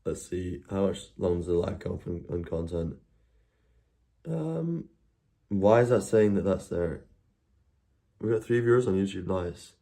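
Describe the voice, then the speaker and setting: A man's voice: sits low, lively intonation, a little slow, long pauses, warm tone. A man chatting casually and rambling on a live stream, laughing and swearing as he goes.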